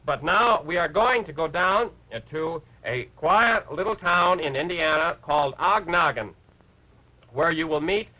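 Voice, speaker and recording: Bumbling rabbit lecturer, slightly high, keeps clearing his throat. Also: pushed and bright, dull audio. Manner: fumbling, throat-clearing, halting. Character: bumbling male rabbit lecturer, fussy and flustered. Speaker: puppet character on a TV show.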